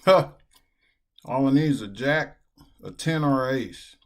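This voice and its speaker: A man's voice: mid-range voice, lively intonation, measured pace. A man streaming online poker, talking casually and venting with a lot of swearing. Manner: profane, venting. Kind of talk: casual live-stream commentary while playing. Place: at a computer, indoors.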